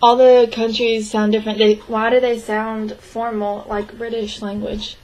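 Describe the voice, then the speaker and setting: A young woman interpreting a signed interview into spoken English, speaking in short, halting phrases with restarts and frequent throat clearing. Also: on the high side, little pitch movement, darkish tone, low-quality recording. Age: young adult. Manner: clears her throat often. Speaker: sign language interpreting student.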